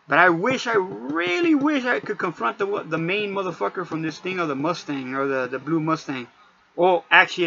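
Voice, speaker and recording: Man, vlogger, heated cursing rant, high bright voice, dull lo-fi audio. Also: creaky. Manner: profane, heated, animated storytelling. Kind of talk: casual rant to camera.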